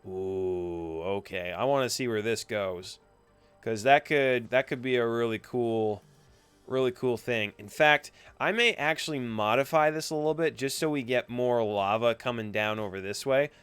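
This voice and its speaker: A man's voice: mid-range voice, normal speed, fairly bright tone, clean tone, no echo, faint music behind. A young man giving a screen-recorded tutorial, narrating each click with chatty, playful asides. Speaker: coding instructor.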